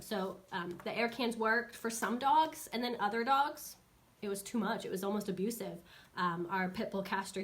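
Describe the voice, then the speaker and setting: A woman in her thirties, a dog trainer on a casual live stream, talking in a chatty, animated way. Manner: chatty, animated, acts out dogs and kids in high squeaky voices.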